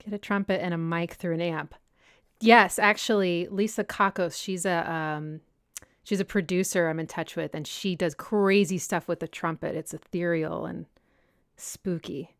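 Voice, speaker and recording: Young woman, livestream host, chatty and smooth, close dry mic. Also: lowish voice, fairly even intonation, normal speed, no room sound. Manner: chatty, reads out viewer comments and answers them. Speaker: music analysis channel host. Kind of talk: casual livestream Q&A chat. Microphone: personal desk mic.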